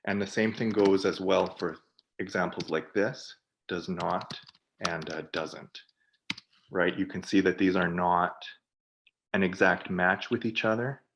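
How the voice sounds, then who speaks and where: A man on a video call, presenting for a product team and walking through software in a webinar while thinking aloud. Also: sits low, steady tone, a little slow, vocal fry.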